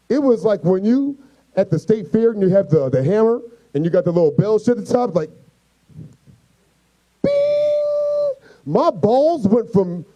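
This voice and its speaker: Animated, profane male stand-up comic. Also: sits high, poor audio. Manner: animated, profane, acts out voices. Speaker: stand-up comedian. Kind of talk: stand-up comedy storytelling.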